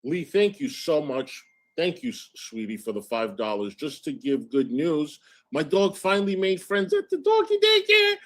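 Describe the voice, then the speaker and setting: A male streamer with a lively, swooping voice that sits a bit high for a man. He jabs with sarcasm in a heated argument. He also reads out donor thanks in a syrupy way. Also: normal speed, a little hiss or hum. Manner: sarcastic, combative, switching to sugary thanks for donors. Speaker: streamer host.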